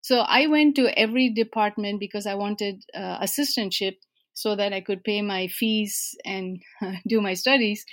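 A woman from India, answering interview questions in a warm, self-deprecating storytelling manner with frequent small hesitations. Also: medium pitch, normal speed. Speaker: interviewee, organization president.

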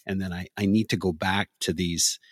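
A man's voice: sits low, little pitch movement, normal speed, dry recording, studio quality. A man hosting a podcast interview, encouraging and laughing along with his guest. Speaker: podcast host. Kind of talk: conversational interview.

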